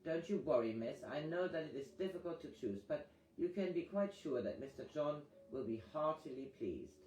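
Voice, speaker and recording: A man's voice: fairly high pitch, animated, moderate pace, a little mellow, a little hiss or hum, lightly acted. A man reading aloud who voices a chatty, kindly village postmistress with a lilting Welsh accent. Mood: confiding. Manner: gossipy, kindly, reassuring. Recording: echoey reading over guitar music.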